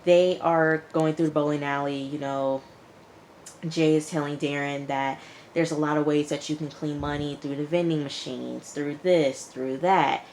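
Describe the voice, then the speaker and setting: A woman with a low voice chatting through a TV episode recap. She retells each scene in her own words, tossing in blunt asides to the viewer. Faint background hum runs under her voice. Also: steady tone, moderate pace, a little mellow. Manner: chatty retelling, quotes characters with "he was like". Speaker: TV show reviewer.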